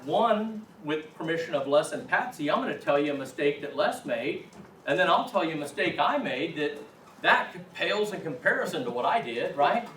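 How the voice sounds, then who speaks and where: A man's voice: on the high side, lively intonation, normal speed, fairly bright tone, slight background noise. A man teaching a language class in a chatty, encouraging way, telling anecdotes to the room. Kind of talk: informal classroom talk. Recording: echoey room from far off.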